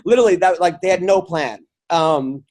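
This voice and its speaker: High-voiced rambling male comedian. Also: moderate pace. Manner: rambling storyteller, filler-heavy. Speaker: guest comedian. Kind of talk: casual podcast chat.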